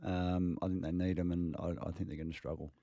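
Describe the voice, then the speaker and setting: A man's voice: sits low, flat delivery, fast talker, warm tone, dry recording. A man co-hosting a sports radio show, talking in a laid-back, hesitant way. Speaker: radio sports co-host and former player. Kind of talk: casual sports radio banter.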